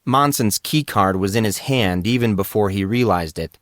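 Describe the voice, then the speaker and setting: A man narrating an audiobook in a steady, measured reading voice. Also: on the low side, no room sound, studio quality.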